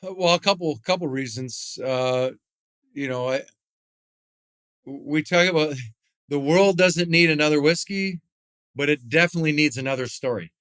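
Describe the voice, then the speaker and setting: A man's voice: a little high, normal speed, long pauses, fairly bright tone, clean tone, no echo. A middle-aged man, a podcast guest, telling stories in a rambling, casual way with many fillers and restarts. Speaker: podcast guest, retired hockey player and whisky founder. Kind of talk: casual interview storytelling.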